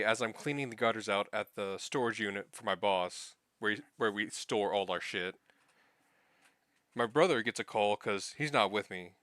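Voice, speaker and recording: A young man spins a rambling, profanity-laced story about his week at work, now and then acting out what other people said. His voice is bright and crisp, and the recording is dry and close. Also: on the low side, no room sound. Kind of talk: casual spoken anecdote.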